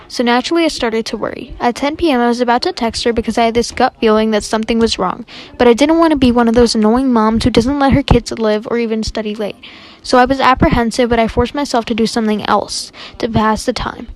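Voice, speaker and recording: A young woman narrating a storytime fast, chatty and dramatic, acting out the quoted lines. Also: fairly high pitch.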